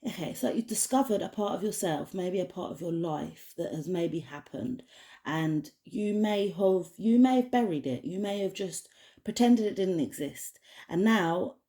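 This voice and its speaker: Mellow-voiced woman rambling through a card reading. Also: on the low side, expressive, normal speed. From United Kingdom. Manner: rambling, many restarts and fillers. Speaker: tarot card reader. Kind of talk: casual spoken card reading.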